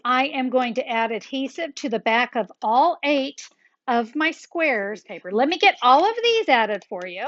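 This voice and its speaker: A woman's voice: high voice, expressive, a little slow, fairly bright tone, highs cut off. A woman hosting a step-by-step card-making tutorial, chatty and upbeat, talking straight to her viewers as she works.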